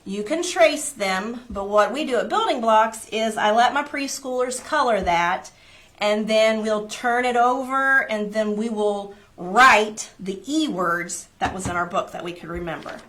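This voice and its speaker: A woman who teaches preschool, reading a children's picture book aloud and then leading a phonics lesson in a clear, encouraging way. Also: mid-range voice, unhurried, fairly bright tone.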